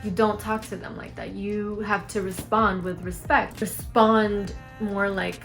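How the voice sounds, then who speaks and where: A woman's voice: mid-range voice, a little slow, few pauses, faint music behind. A young woman vlogger talking frankly to camera, giving advice and acting out lines of dialogue. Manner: frank, animated, acts out quoted lines.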